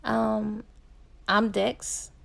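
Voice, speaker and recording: Woman voicing a playful guy, slow and raspy-fry. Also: mid-range voice, level tone, a bit bright, heavily acted. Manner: lightly quoting, little change of voice. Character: playful joking man.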